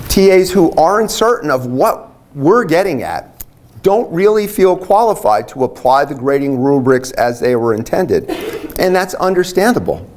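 A man in his sixties, a biology instructor, giving a relaxed retirement lecture full of anecdotes, with lots of "like" fillers and restarts. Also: mid-range voice.

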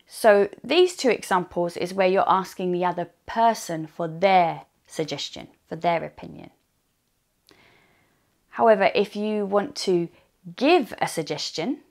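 A woman teaching an online English lesson, slowly and deliberately repeating example phrases. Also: fairly low pitch.

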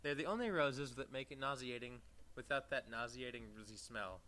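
Brief: man as no-nonsense game boss, businesslike, bright voice. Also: medium pitch, normal speed, lightly acted. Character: brisk adult male rose-business boss.

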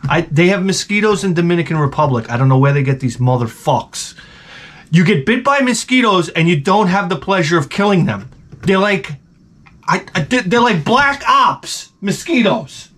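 A man ranting in a casual, profane, wry way, with a voice that sits a little high. His delivery is animated, and he jumps up into a higher voice to act out the people he quotes. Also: normal speed. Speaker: vlogger. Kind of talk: casual comedic rant.

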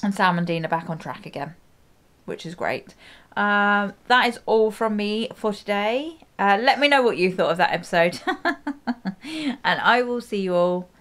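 A woman's voice: mid-range voice, animated, moderate pace, fairly bright tone. A woman hosting a reaction video, chatting casually, full of exclamations and frequent laughter.

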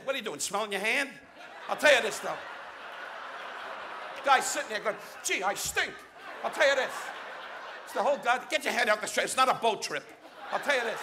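Brash high-voiced man roasting a crowd. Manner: brash, abrasive, barking insults at the audience. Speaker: stand-up comedian. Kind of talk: live insult crowd work. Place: casino showroom stage, live audience. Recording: archival live show recording with noisy room.

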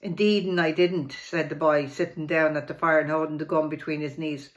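A woman reading a local history memoir aloud in a plain, steady way, with small slips and restarts. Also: low-pitched, brisk.

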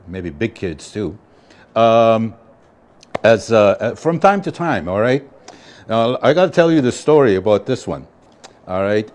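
A man's voice: medium pitch, a little mellow. A man giving a casual spoken lesson for children as a language teacher, chatty and often checking in with the listener.

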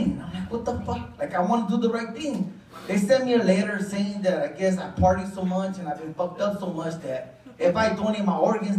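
A man's voice: sits high, darkish tone. A man with a Chicano English accent doing a profane, rambling, self-deprecating stand-up set on a club stage. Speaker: stand-up comedian. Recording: roomy club sound, mic far off, crowd laughing. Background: audience laughter.

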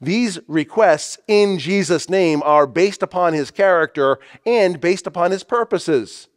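Slow, emphatic male preacher. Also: high voice. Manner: emphatic preaching with rising stressed phrases; reads scripture aloud with slow stress. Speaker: pastor. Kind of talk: sermon.

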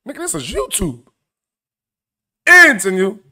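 A man hosting a comedic news commentary show, animated, profane and mocking as he reacts to clips. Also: high voice, a little slow.

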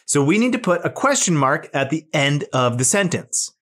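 Lively, encouraging teacher narrating a kids' lesson. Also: mid-range voice, normal speed. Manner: clear, encouraging, exaggerated for young children. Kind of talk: scripted children's lesson narration.

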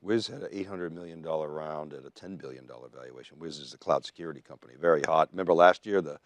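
A man co-hosting a podcast, talking briskly and upbeat in casual chat. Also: rumbling low. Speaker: podcast co-host.

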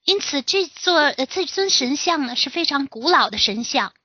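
A woman interprets a lecture in short phrases, pausing on fillers as she goes. Her voice is high and bright. The sound is dry and dull. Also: lively intonation, dry recording. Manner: fillers and pauses between phrases. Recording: dry, lo-fi recording.

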